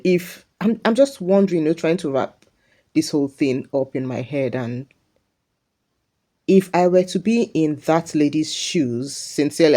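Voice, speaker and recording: A man with a mellow, dark-toned voice gives casual reaction commentary. He talks earnestly and thinks aloud, often stressing that he means it sincerely. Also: fairly high pitch. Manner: earnest, musing, says "sincerely".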